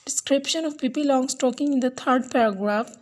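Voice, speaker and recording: A woman English teacher giving a recorded lesson, speaking slowly and deliberately and repeating each word for her pupils. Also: high voice.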